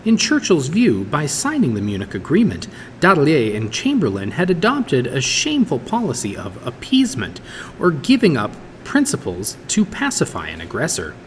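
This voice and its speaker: A man reads a history textbook aloud, teacher-style, at an even pace. His pitch moves up and down freely as he reads, with the odd stumble he fixes on the go. The room rings with a long reverb, and a faint hiss sits under the voice. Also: moderate pace. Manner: steady reading with occasional small stumbles and self-corrections. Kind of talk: read-aloud textbook narration.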